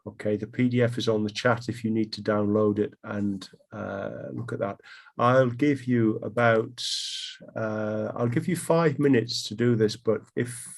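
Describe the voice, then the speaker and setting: A man's voice: on the low side, measured pace, gravelly. Chatty male English teacher. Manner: relaxed, chatty, many ums and restarts. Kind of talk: online class instruction.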